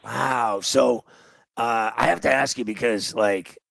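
A middle-aged man hosting a casual chat, telling animated stories and acting out quotes. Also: medium pitch, slow, vocal fry, dry recording, rough recording. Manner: animated storyteller, acts out quotes.

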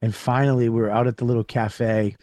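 A man on a podcast telling a rowdy story, swearing often and breaking into loud mocking voices. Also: medium pitch, level tone, a little fast, no echo, clean studio sound. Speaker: comedian guest. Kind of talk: casual podcast banter.

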